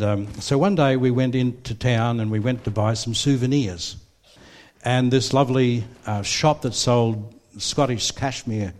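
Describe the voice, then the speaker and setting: A man's voice: medium pitch, a little mellow. An older man with an Australian accent, preaching a sermon and telling personal stories, with a rambling delivery full of fillers and restarts.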